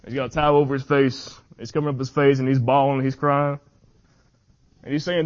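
A man's voice: medium pitch, level tone. Earnest young preacher man, muffled audio. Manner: earnest, reads scripture slowly, trips over words. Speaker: youth preacher. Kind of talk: sermon with scripture reading.

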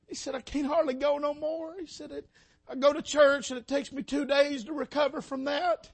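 A man's voice: very high-pitched, level tone, moderate pace, creaky. A man preaching a sermon in a church, impassioned and calling out to the congregation. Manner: impassioned, rising and falling, calls out to the congregation. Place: church sanctuary.

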